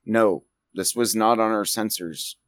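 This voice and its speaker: A man's voice: fairly low pitch, fairly even intonation, a little slow, a bit bright, dry recording. Man voicing a starship officer with a slipped-on accent. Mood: alarmed. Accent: accidental put-on accent. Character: male starship officer reporting to captain.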